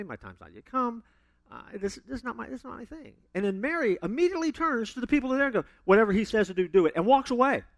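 Animated preacher man, dry sound. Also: high voice, dry recording. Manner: storytelling, acts out quoted voices with big swings. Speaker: pastor. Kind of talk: sermon.

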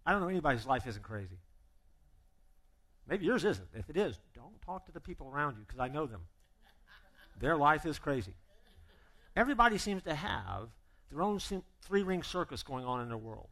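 Animated, bright-voiced male pastor preaching. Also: on the high side, moderate pace, long pauses. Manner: humorous, acts out both sides of imagined conversations; animated and emphatic. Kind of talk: sermon.

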